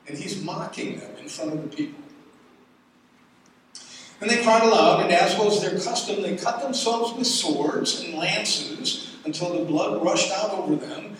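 A man preaching a sermon, reading scripture dramatically and building to loud exclamations. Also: sits high, moderate pace, a little hiss or hum. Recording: echoey hall from far off.

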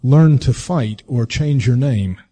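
A man's voice: medium pitch, lively intonation, dark tone. A preacher voicing a stern conqueror-king. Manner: slow, measured commands. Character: stern ancient male conqueror-king, commanding.

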